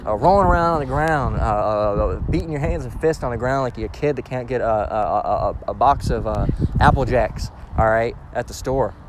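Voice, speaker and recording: A man's voice: mid-range voice, brisk, noisy background. A man giving an informal scripture lesson, emphatic and blunt, often checking in with "all right?" and swearing freely. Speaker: religious teacher.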